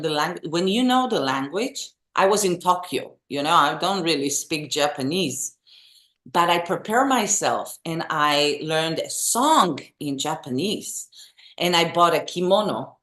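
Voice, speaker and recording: A middle-aged woman, a singer and vocal teacher telling animated stories as an interview guest. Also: lowish voice. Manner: animated, expressive storyteller. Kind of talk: casual interview storytelling. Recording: echoey room.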